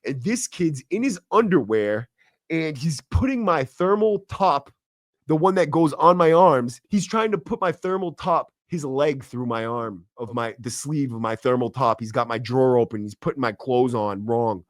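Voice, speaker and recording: A podcast host with a medium-pitched voice tells stories at a moderate pace, sounding excitable, profane and full of slang. He acts out the voices of the people in them, and the sound is clean studio quality with no echo.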